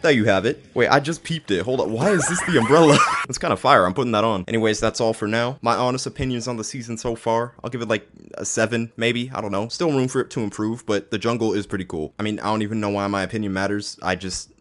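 A young man giving joking, excitable commentary over his own gameplay, often laughing. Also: on the low side, fast talker. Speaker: gaming video creator.

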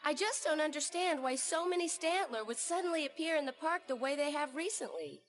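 A brisk young cartoon policewoman, businesslike and matter-of-fact. Her voice sits high. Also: animated.

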